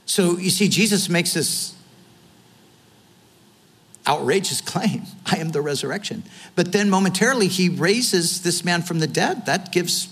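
A man's voice: high-pitched, expressive, a little slow, a bit bright, husky, in a large hall. A man preaching a sermon, earnestly retelling scripture with quoted dialogue. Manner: closing in prayer. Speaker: pastor.

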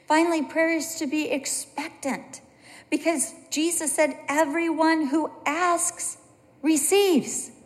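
Middle-aged woman preaching, storytelling voice, slightly high, big echoey hall. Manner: animated storytelling, acts out voices. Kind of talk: sermon with personal story. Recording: long hall reverb.

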